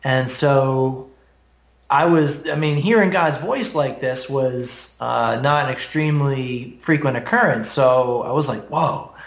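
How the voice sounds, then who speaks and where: A young man casually sharing his personal testimony, rambling with fillers, small laughs and throat clearing. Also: medium pitch, a little slow. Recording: roomy echo.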